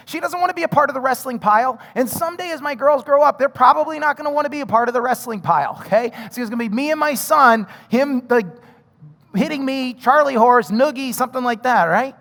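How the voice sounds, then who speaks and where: A male pastor from North Carolina in his thirties, preaching a sermon through an animated personal story with frequent asides to the congregation. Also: very high voice, fast talker. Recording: reverberant hall.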